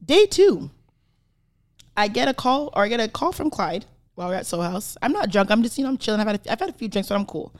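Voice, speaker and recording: A young woman co-hosting a podcast tells a story in loose casual chat. She swears freely and fills her talk with "like". Her voice sits at an ordinary middle pitch. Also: sing-song, fast. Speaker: podcast co-host.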